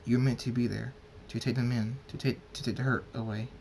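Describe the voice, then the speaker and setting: A man reading aloud as a loyal, loving male pony lord who speaks solemnly about fate. The voice is the reader's own middle pitch, plain and a little halting. A faint rumble lies under it. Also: little pitch movement, vocal fry, a little mellow, close to an everyday voice, rough recording. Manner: plain, halting read with restarts.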